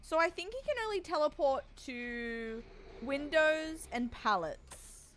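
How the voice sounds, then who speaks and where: A young woman streaming a game, chatty and excitable, breaking into frightened screams. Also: sits high, slow, a little hiss or hum. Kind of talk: casual live-stream chat while gaming.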